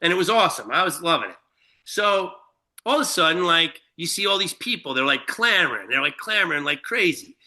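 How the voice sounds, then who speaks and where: A man's voice: on the high side, lively intonation, brisk, pushed and bright. A man telling a long, profane anecdote in casual chat, full of fillers and restarts. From Shelter Island, New York. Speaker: guest storyteller. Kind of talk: casual storytelling.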